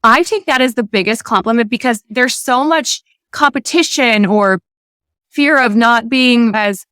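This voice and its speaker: A woman's voice: fairly high pitch, a little slow, clean tone, dry recording, studio quality. A woman co-hosting a podcast, chatting casually with many fillers and praising her guest. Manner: warm, complimentary, chatty with fillers. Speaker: podcast co-host. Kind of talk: casual chat.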